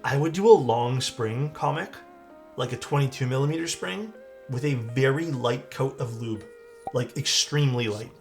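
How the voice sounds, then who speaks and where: A laid-back Canadian man builds a keyboard on a live stream, relaxed and chatty as he answers questions from chat. He talks at normal speed in a medium-pitched voice, and faint music plays in the background.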